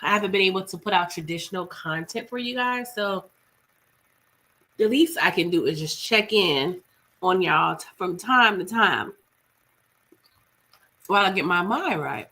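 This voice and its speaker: A young woman with flu, hoarse and congested, casually chatting with live-stream viewers while eating, slangy with laughing asides. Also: medium pitch, expressive, unhurried, pauses often, bright, forceful tone.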